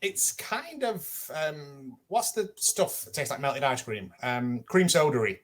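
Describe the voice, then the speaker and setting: A man's voice: fairly high pitch, very animated, slow pace, fairly bright tone. A man co-hosting a casual podcast chat, talking easily and often laughing as he speaks. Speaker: podcast co-host.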